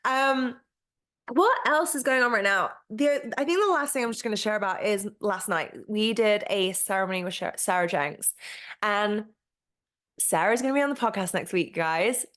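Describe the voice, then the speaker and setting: A woman's voice: medium pitch, normal speed, a bit bright. A woman hosting her own podcast in a casual solo monologue. She talks candidly and gushingly, swears freely and fills her speech with "like" and "um". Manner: chatty with frequent "like" and "um" fillers. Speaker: podcast host.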